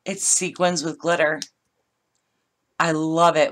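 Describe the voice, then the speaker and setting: This craft vlogger speaks low and slowly, leaving long pauses, with a slightly bright tone. She's a middle-aged woman opening craft mail at home in a casual unboxing chat, gushing and laughing frequently.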